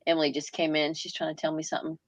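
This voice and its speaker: A woman's voice: low voice, monotone, racing, no echo. A woman hosting a casual livestream chat, greeting viewers as they come in. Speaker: host.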